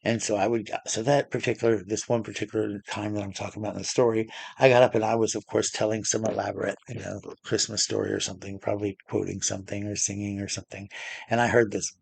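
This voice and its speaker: Male vlogger, low gravelly husky voice, rambling storyteller, dry close sound. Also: level tone, quick pace, no room sound. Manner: chatty, rambling, acts out quotes with restarts. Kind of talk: casual storytelling to camera.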